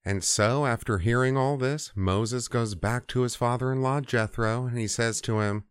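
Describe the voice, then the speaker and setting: A man's voice: mid-range voice, moderate pace, few pauses, smooth, dry recording. A man casually retelling a scripture story in irreverent slang with mild swearing.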